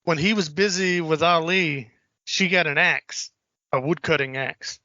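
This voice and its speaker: A man's voice: a little high, unhurried, bright, forceful tone, no echo, lo-fi sound. A man co-hosting a podcast, loosely retelling film scenes in casual chat and swearing freely. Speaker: podcast co-host.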